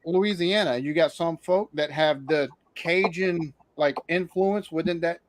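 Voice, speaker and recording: A man's voice: a little high, measured pace. A man from the Alabama Gulf Coast, hosting a casual chat and rambling through profane stories. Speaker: host.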